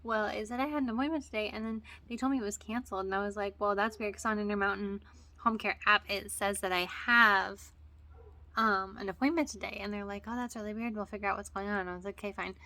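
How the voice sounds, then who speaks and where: A woman's voice: medium pitch, steady tone, fast talker, bright, forceful tone. A young woman chatting casually as a vlogger about caring for her baby, rambling with many fillers and self-corrections. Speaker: vlogger and mother. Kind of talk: casual chat.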